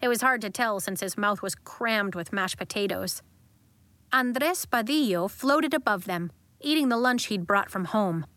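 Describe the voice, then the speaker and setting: Slow, measured woman audiobook narrator. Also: mid-range voice, animated, fairly bright tone, no echo.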